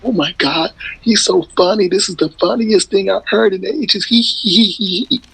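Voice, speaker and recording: A man mocking a giggling woman in a high, gushing falsetto. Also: lively intonation, moderate pace, vocal fry, a bit bright, slightly rough, dry recording, exaggerated voice, rough recording.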